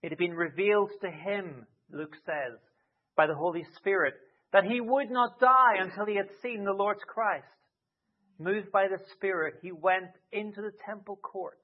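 Guy preaching a sermon, high voice, sounds tinny like a phone line. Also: normal speed. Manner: expressive, with dramatic rises and soft drops.

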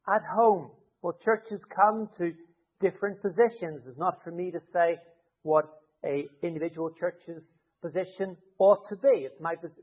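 A man preaching a conversational sermon from the pulpit, explaining his points with everyday hypothetical scenarios. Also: sits high. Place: church. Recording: tinny narrow-band sound.

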